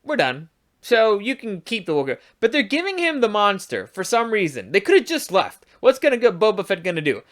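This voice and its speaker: A man's voice: sits high, wildly swooping pitch, brisk, hardly any pauses. A man giving a casual, profane review of a show, rambling and restarting as he rants in exasperation. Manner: exasperated, ranting.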